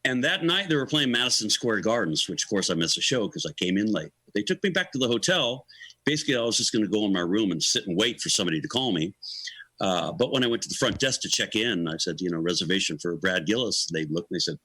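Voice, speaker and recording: Older guy telling a story on a talk show, bright voice, pitch jumping all over. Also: fast, breathy edge, poor audio. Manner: animated storyteller, acts out quotes, laughs between lines. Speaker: guest musician. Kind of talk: telling an anecdote in an interview.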